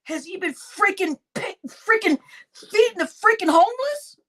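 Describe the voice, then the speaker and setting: Woman vlogger spilling gossip, high voice swinging all over, laughs a lot and cusses. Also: lively intonation, normal speed, fairly bright tone. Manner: laughs often, swears freely, repeats phrases. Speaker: YouTube commentator. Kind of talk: casual gossip commentary.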